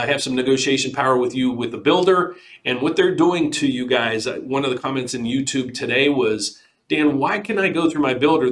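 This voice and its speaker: An older man, a mortgage broker, hosts a casual market update, talking earnestly and repeating himself as he pleads with viewers to call. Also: a bit bright. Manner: earnest, repetitive, pitches services and pleads with viewers.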